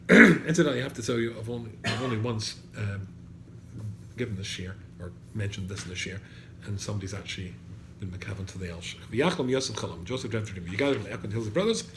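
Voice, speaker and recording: A man's voice: on the low side, fast talker. A man, a rabbi teaching a class to students, quoting Hebrew verses, translating them and putting questions to the room. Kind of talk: animated Torah lecture. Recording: echoey room, faint background noise.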